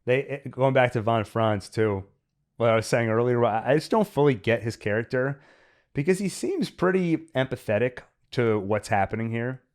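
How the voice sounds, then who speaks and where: A man's voice: medium pitch, moderate pace. Earnest, analytical male podcast host. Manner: analytical, earnest, thinking aloud. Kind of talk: casual chat, film review.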